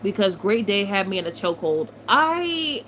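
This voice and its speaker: A woman's voice: medium pitch, sing-song, moderate pace, a bit bright, a little hiss or hum, low-quality recording. A woman in her twenties chatting casually on a livestream, answering chat and swearing freely as she reminisces. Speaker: streamer reading chat.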